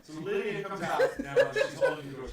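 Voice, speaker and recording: A man's voice: sits high, wildly swooping pitch, a little fast, very echoey, distant mic, a crowd in the background. A man narrating as game master of a tabletop game, rambling with many fillers.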